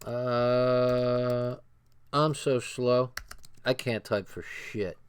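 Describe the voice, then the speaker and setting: A man's voice: mid-range voice, fairly even intonation, very slow, clean tone. A man with a New Jersey accent reading a book aloud on a livestream and commenting bluntly, repeating phrases for emphasis.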